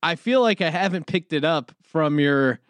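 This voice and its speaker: A man's voice: fairly high pitch, animated, normal speed, fairly bright tone, clear, resonant tone, no echo. A man hosting a casual sports podcast, teasing his co-host and laughing easily.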